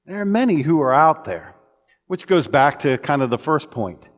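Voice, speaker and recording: A man's voice: a little high, sing-song, normal speed. A man preaching a sermon in a church, telling stories in an earnest way with frequent restarts. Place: church auditorium. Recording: long reverb of a church hall.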